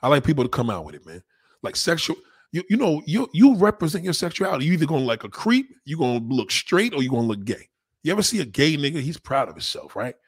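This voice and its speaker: A man in a blunt, crude, rambling monologue, talking fast and casually. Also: a little high, sing-song, husky, dry recording, studio quality.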